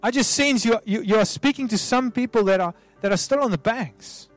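A man as a pastor leading an altar call prayer, soft and pleading, repeating himself with many restarts. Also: very high voice, brisk, no room sound. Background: soft music.

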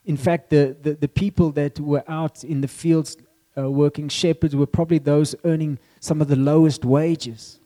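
A man giving a sermon, reading a psalm slowly and reflecting on it phrase by phrase. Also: fairly high pitch, fairly even intonation, dark tone. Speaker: pastor.

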